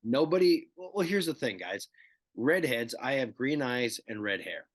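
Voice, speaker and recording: A man in his fifties, a guest actor in a casual interview, telling animated stories and acting out the dialogue. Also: mid-range voice, normal speed, no echo. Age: 50s. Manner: animated storyteller who acts out dialogue.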